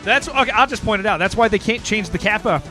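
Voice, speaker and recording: A man streaming games and chatting casually with viewers, excitable and rambling, saying "man" and "dude" all the time. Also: high-pitched, fast, soft background music. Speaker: game streamer. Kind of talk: casual livestream chat with viewers.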